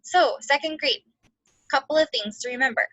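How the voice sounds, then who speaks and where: A woman teacher giving a phonics lesson to second graders, slowly sounding out words and spelling letters aloud. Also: sits high, fairly bright tone, dry recording, muffled recording.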